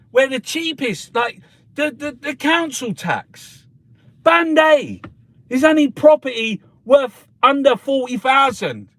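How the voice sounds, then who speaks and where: A man's voice: very high-pitched, fairly bright tone, dry recording. A middle-aged man, ranting in angry, heavily sworn commentary as he reviews the newspapers. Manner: angry, sweary, heated rant.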